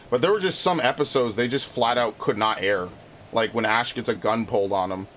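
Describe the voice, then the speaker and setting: A man's voice: medium pitch, a bit bright. A man streaming a video game, chatting casually in a rambling, frustrated way, swearing often and restarting his sentences. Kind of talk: casual live-stream chat while playing.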